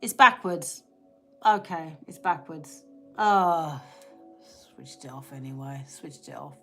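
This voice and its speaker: A woman's voice: low voice, animated, slow, gravelly, faint music behind. Chatty woman live-streaming. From England. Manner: chatty, laughs often, reads out viewer comments. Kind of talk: casual live-stream chat.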